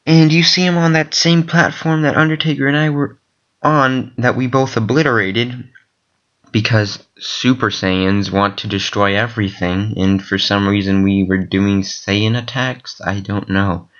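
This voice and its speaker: A man telling a long rambling story in a casual vlog, excitable and full of fillers. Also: mid-range voice, unhurried. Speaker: vlogger. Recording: dull lo-fi recording.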